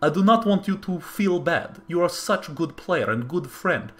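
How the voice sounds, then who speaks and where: A man voicing a kind young male rival gamer in a put-on Russian accent, earnest and halting. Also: on the high side, lively intonation, voice pushed up, close to an everyday voice. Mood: consoling.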